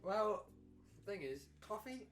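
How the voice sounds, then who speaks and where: A man's voice: high-pitched, sing-song, measured pace, fairly bright tone. Man, casual podcast chat, rambling, far from mic, music underneath. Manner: rambling, hesitant. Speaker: podcast co-host. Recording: distant mic with background music.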